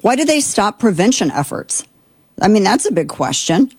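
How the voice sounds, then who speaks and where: A woman's voice: medium pitch, big pitch swings, normal speed, a little mellow, breathy edge, no room sound. A woman hosting political commentary, indignant and exasperated, talking with many fillers and restarts. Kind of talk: opinionated commentary.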